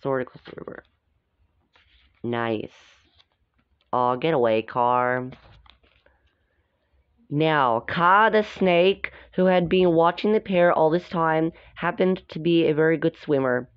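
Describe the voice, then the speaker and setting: Slow, low-voiced woman reading a storybook. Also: fairly even intonation, clear, resonant tone, no echo. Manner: chatty, stops to comment on the pictures. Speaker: storybook reader. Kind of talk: casual reading aloud with chatty asides. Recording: dull, dry lo-fi recording.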